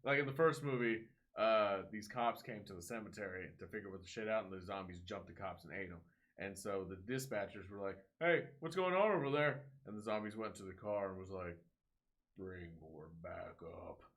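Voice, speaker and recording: A man's voice: on the low side, a little fast. A young man co-hosting a podcast, telling a movie story in casual chat, swearing freely and acting out the characters' lines. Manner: animated storyteller, swears a lot, acts out voices. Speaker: podcast co-host.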